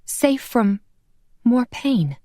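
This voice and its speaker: A woman's voice: on the high side, sing-song, very slow, dark tone, dry recording, pitched above the performer's own voice, full character voice. Vonda is a guarded, hot-tempered vampire woman with a wry, defensive way of talking, as a woman reads her in an audiobook. Her voice moves up and down expressively. The sound is dry and close. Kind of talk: audiobook character voice.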